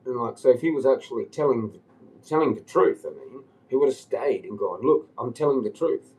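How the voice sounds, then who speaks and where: A man's voice: medium pitch, brisk, a little mellow, poor audio. A man on a livestream telling a long rambling story, agitated and swearing often. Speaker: live streamer.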